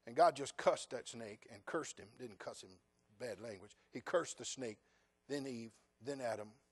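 A man preaching a sermon as pastor, peppering the congregation with questions and sarcastic asides, dropping to quiet remarks and then building to loud, driving passages. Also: mid-range voice, moderate pace, husky.

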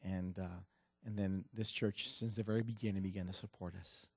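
Brief: middle-aged male missionary preacher, halting delivery, dry close mic. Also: low-pitched, fairly even intonation, no echo. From Mexico. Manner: warm, halting with restarts, building to loud preaching. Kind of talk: sermon with joke and scripture reading.

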